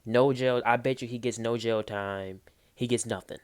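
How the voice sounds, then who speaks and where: A man's voice: mid-range voice, normal speed, clear, resonant tone. Guy doing a reaction vid on a cheap built-in mic, slangy, can't believe what he's seeing. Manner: incredulous, animated, slangy. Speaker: reaction video host. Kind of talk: casual reaction commentary. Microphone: built-in mic, not a real microphone.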